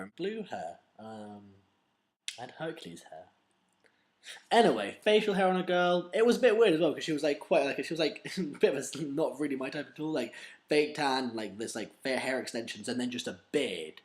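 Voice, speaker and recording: A man telling a rambling, swearing comedic story in a casual vlog. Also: mid-range voice. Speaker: vlogger.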